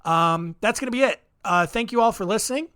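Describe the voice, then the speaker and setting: A man's voice: high voice, expressive, brisk, pushed and bright, clean tone. Rambling, wry male podcast host. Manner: rambling, with many fillers, wry and offhand. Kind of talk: casual solo podcast storytelling.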